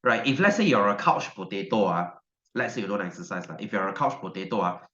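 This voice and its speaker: A male science teacher gives a chatty online class lecture, repeating his questions to the students. His medium-pitched voice is bright and forceful, and the recording sounds dull with a roomy echo.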